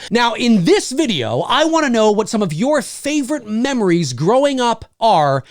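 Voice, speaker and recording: A man's voice: very high voice, moderate pace, no room sound, clean studio sound. A man in his forties hosting a casual vlog, ranting comically and swearing freely to the camera. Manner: animated, profane, comically ranting. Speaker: YouTube host.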